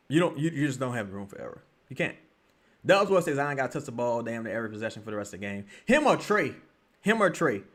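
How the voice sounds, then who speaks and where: A man livestreaming his reaction to a basketball game, talking casually with lots of profanity, muttering one moment and yelling the next. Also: medium pitch. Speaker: streamer reacting to a live game.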